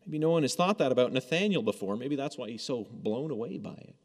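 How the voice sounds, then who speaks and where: A man's voice: mid-range voice, animated, fast. A man preaching a sermon in a conversational, storytelling way, acting out quoted lines as he goes. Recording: long hall reverb.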